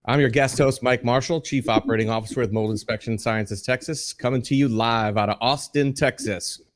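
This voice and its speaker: A man's voice: medium pitch, fairly even intonation, fairly quick. A man guest-hosting a live podcast from a studio, upbeat and friendly as he introduces his guests. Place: studio in Texas.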